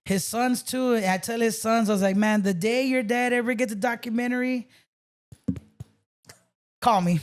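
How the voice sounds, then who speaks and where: A man's voice: very high voice, fairly even intonation, moderate pace, pauses often. Man, podcast guest; casual, profane storyteller. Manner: loose, swearing storyteller, mixes in Spanish. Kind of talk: casual chat.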